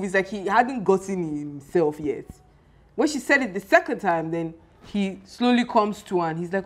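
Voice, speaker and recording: A young woman, casually chatting and recapping a TV series in an animated, exclaiming way. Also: fairly low pitch, normal speed. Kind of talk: casual chat.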